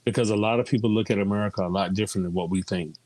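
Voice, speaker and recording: Chatty low-voiced man telling stories. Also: fairly even intonation, racing, a little mellow. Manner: chatty storyteller, quotes others often. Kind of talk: casual group chat.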